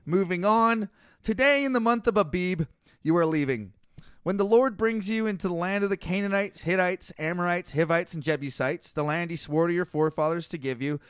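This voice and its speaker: A man with a high, smooth, resonant voice reads Bible verses aloud and breaks off to joke about them, laughing often. The sound is close and dry, with no room around it. He talks in a casual comedic chat. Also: fairly bright tone, no echo. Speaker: podcast host reading the Bible.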